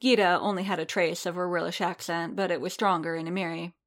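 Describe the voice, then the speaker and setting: A woman reading a story aloud in a measured, steady narrating manner. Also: lowish voice.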